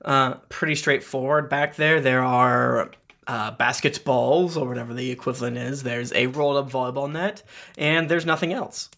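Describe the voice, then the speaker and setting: Halting game master narrating. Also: male voice, mid-range voice, fairly even intonation, creaky, sharp tone, slight background noise. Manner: halting, lots of restarts and fillers.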